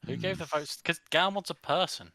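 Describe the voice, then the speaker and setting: Man, tabletop player, playful mock outrage, bright crisp tone. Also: a little high, animated, moderate pace. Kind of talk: casual banter at the game table.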